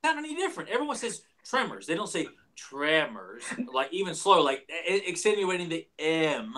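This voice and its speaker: A man's voice: high voice, big pitch swings, fast, fairly bright tone. A man with a light Southern US accent, co-hosting a casual podcast and rambling through crude jokes. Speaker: podcast co-host. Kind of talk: casual chat.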